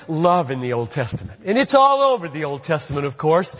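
A man's voice: on the high side, sing-song, brisk, hardly any pauses, a bit bright. A man preaching a sermon as a pastor, earnest and building to fervent emphasis. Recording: dull, lo-fi recording in a reverberant hall.

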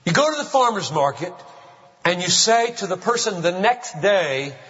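Pastor guy preaching hard, high lively voice, long church echo, kinda muffled. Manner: emphatic preaching with slow stressed phrases. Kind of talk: sermon. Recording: muffled hall reverb.

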